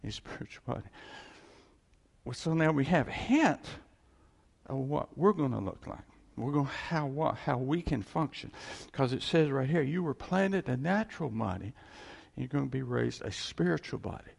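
A man's voice: medium pitch, animated, normal speed, vocal fry, darkish tone, breathy edge, in a large hall. A man preaching a sermon, telling the stories with life and acting out the voices in them.

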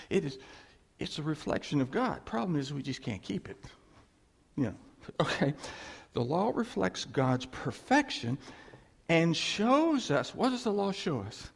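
A man preaches a sermon with a gravelly, husky voice and a pitch that leaps up and drops low. He talks to the congregation casually and asks them to follow along. His voice rings out with a long reverb in a big church hall. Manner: animated, conversational preaching with audience call-backs. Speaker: pastor.

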